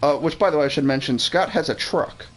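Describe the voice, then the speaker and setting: Recorded in low quality, a fast-talking man with a fairly high voice streams a game while telling a long, rambling story. He swears plenty and keeps restarting sentences.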